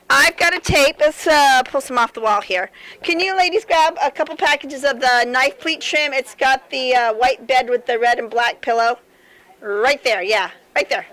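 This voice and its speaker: Bright, high-voiced joking sewing presenter woman. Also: rough recording. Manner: joking, rambling storyteller talking to the audience. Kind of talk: live demonstration with chatty stories. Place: seminar room at a sewing fair with a live audience.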